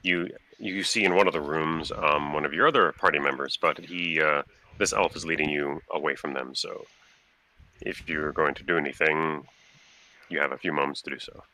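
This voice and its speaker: Deep-voiced man running a tabletop game. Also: steady tone, normal speed, pushed and bright. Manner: loose, many fillers. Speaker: game master.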